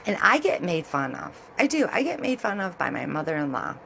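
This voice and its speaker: A woman's voice: fairly low pitch, sing-song, brisk, vocal fry, a bit bright, slight background noise. A middle-aged woman with a Michigan accent and Southern touches, chatting casually and rambling as a vlogger while commenting on sky photos, laughing often.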